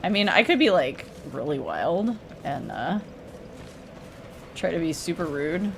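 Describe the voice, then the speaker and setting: A woman's voice: on the low side, sing-song, measured pace, gravelly, noisy background. A woman streaming a video game, giving chatty, emotional, joking commentary. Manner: chatty, emotional, jokey reactions. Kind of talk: casual gameplay commentary.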